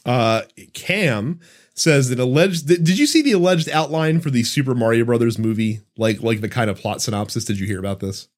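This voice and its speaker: A man's voice: medium pitch, a little fast. A man in his thirties co-hosting a casual podcast, reading listener questions aloud and swearing casually as he chats. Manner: animated, swears casually, laughs often. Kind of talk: casual chat.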